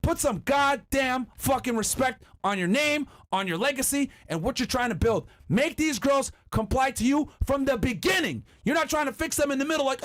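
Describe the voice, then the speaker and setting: A man hosting a podcast, ranting loudly and emphatically, heavy on profanity and often shouting. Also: extremely high pitch, big pitch swings, moderate pace, few pauses. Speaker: podcast host. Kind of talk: heated podcast rant.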